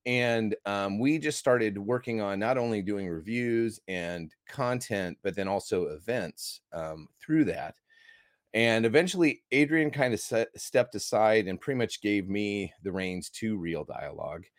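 Enthusiastic American man, low voice. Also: a little slow, dry recording, studio quality. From United States. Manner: enthusiastic, rambling storyteller. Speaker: guest, movie critic. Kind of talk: casual interview talk.

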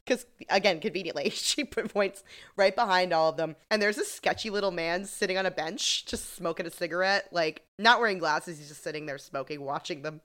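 Low-voiced woman recapping a show. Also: a little fast, a bit bright. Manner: wry, laughing, acts out quotes. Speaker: podcast co-host. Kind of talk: casual recap chat.

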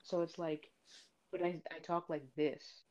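A woman's voice: deep voice, level tone, measured pace, darkish tone, muffled recording. A young woman from South Florida hosting a casual podcast chat, rambling off on tangents and swearing freely. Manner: rambling, swears, says "you know what I mean" often. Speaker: podcast host.

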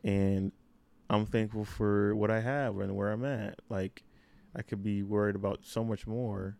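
A man's voice: lowish voice, little pitch movement, a little slow, vocal fry, a little mellow, no room sound. A man co-hosting a podcast in casual chat, rambling and laughing easily. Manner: laid-back, rambling, lots of fillers and laughs. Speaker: podcast co-host.

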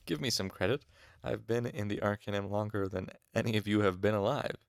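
A man's voice: lowish voice, brisk, creaky, no room sound, clean studio sound. A man reading aloud, voicing a grizzled, wild-haired male student over fifty who grumbles wryly.

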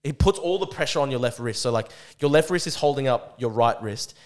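A young Australian man, a podcast guest, telling a story in a rapid, profane, excitable way. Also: mid-range voice. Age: young adult. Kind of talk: casual storytelling.

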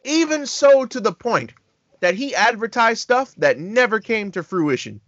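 A man's voice: sits high, sing-song, unhurried, fairly bright tone, dry recording, highs cut off. Upbeat man, casual podcast talk. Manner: enthusiastic, lists at length. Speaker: podcast co-host. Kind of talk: casual chat.

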